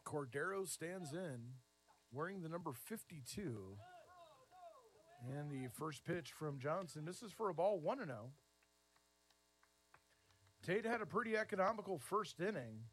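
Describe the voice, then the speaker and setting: A middle-aged man calls a baseball game play by play, talking through the pitches in an easy, chatty way. His voice sits a little on the high side and jumps up with energy when a ball is driven into the gap. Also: a little slow, pauses often. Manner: easygoing chatter between pitches, rising to lively excited calls on big plays. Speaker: play-by-play announcer.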